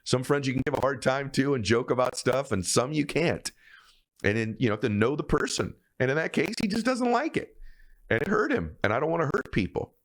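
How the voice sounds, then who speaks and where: A man's voice: mid-range voice, expressive, fairly quick. A man in his fifties giving an earnest, emphatic motivational speech with personal stories. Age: 50s. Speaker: motivational speaker.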